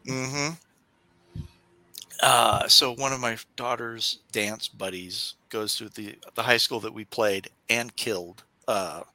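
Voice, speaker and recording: A man's voice: fairly low pitch, bright, forceful tone, no room sound, rough recording. A middle-aged man co-hosting a podcast, chatting casually and joking, laughing often and sliding into mock impressions. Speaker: podcast co-host. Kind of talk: casual chat.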